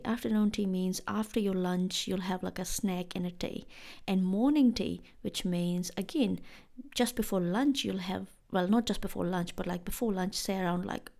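A woman's voice: medium pitch, gravelly, darkish tone. A young woman from India, hosting a casual podcast monologue and acting out bits of dialogue. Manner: chatty, acts out quoted dialogue with laughing asides. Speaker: podcast host.

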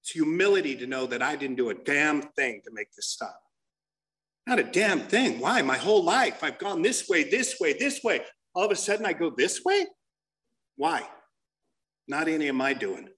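High, lively, foul-mouthed man. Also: normal speed. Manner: profane, blunt, animated storyteller. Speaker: speaker sharing at a recovery meeting. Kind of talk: storytelling share to a recovery group.

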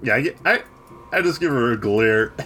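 A man's voice: mid-range voice, animated, moderate pace, bright, forceful tone, slight background noise. A man taking part in a tabletop role-playing game, speaking in a dry, joking manner. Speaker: player. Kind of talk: casual in-character play.

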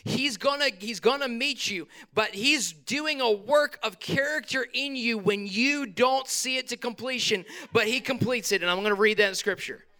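A male pastor preaches in a church, talking to the congregation in a loose, conversational way. His voice sits high and sounds bright, smooth and clear. He acts out his own prayers and other people's lines as he goes. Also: moderate pace, hardly any pauses. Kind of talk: sermon. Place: church sanctuary.

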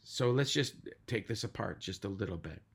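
A man's voice: fairly low pitch, expressive, moderate pace, gravelly, slightly rough. A middle-aged man, a pastor, giving an emphatic podcast sermon and repeating lists of words for weight.

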